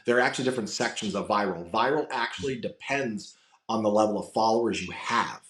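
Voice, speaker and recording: A man from the United States talks casually as a podcast guest, with a lowish voice. He tells rambling stories and swears freely. The sound bounces around an echoey room. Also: fast, a bit bright. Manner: rambling storytelling with frequent swearing. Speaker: guest, wrestling content creator. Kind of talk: casual interview chat.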